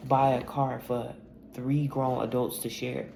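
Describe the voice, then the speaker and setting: Blunt, gravelly-voiced woman tarot reader. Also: rumbling low, little pitch movement, a little slow. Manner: blunt, profane, emphatic storytelling. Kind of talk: casual spiritual reading monologue. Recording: echoey room with clear background noise.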